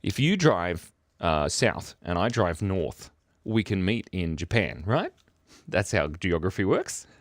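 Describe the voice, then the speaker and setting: Middle-aged Australian man, low voice, quiet and playful, lots of laughs, casual stream host. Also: big pitch swings, slow pace, no echo, clean studio sound. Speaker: livestream host. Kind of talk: casual chat reading viewer comments. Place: home, early morning. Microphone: microphone worn near the beard.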